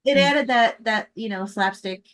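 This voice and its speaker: A woman with a fairly high voice chats casually with friends. She talks in halting starts and often breaks into giggles. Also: a bit bright. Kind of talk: casual chat.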